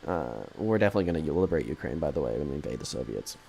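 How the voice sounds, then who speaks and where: A man's voice: very deep voice, lively intonation, very fast, creaky, a little mellow, a little hiss or hum. A man streaming a strategy game live, commentating casually in a rambling, jokey way that keeps correcting itself.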